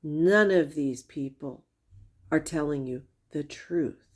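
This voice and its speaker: A woman's voice: low-pitched, slow, a little mellow. A woman giving critical commentary over clips, blunt and accusing, with pointed repeated questions. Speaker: commentary creator.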